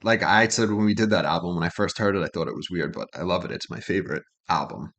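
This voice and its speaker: His voice is low, fast and a bit bright. As co-host of a music reaction channel, he picks apart song lyrics casually and chattily, cursing freely along the way.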